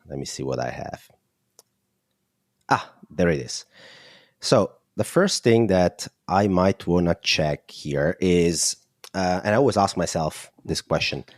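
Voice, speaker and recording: A man's voice: sits low, no echo, clean studio sound. A man with an Italian accent, a guest analyst explaining markets in an interview, thinking aloud with fillers.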